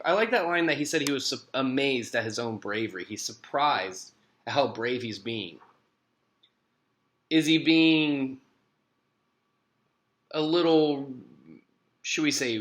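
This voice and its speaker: A man reading a children's book aloud to students and pausing to explain it in a friendly, expressive way. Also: mid-range voice. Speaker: teacher.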